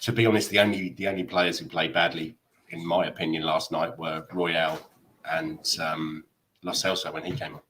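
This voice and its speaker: A man giving hesitant but frank football opinions on a fan podcast panel, with many pauses. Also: very deep voice, little pitch movement, a bit bright, a little hiss or hum, low-quality recording. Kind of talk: casual football analysis.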